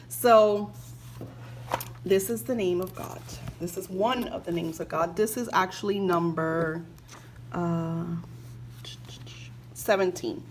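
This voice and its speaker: A woman's voice: lowish voice, takes it slowly, pauses often, slight background noise, poor audio. A woman vlogging casually about spirituality, gushing and emotional, with lots of fillers, reading passages aloud from a book.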